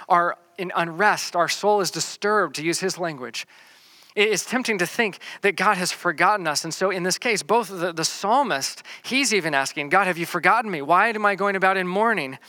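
A man preaching a sermon, reading scripture verses slowly and then explaining them in plain talk, often repeating words as he restarts. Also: high voice, pushed and bright, no echo. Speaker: pastor. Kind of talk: sermon teaching through a psalm.

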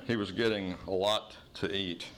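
A middle-aged man preaching a sermon as pastor, teaching in an earnest tone and slowing to stress key phrases. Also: sits low, steady tone, background noise.

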